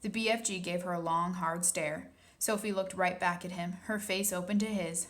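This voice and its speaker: A woman narrating a children's book in a calm, soft storytelling manner. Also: on the low side, normal speed. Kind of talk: audiobook reading.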